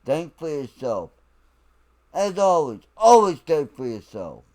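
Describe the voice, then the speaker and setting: A man from the United States shouting a profane political rant, lecturing in a drill-sergeant manner. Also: a little high, very animated. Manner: slow, emphatic, lecturing. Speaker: vlogger.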